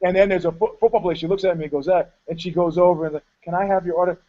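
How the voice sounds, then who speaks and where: A man telling a profane, animated story in a casual chat, laughing along as he goes. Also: sits high, racing. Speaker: co-host. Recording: dull lo-fi sound.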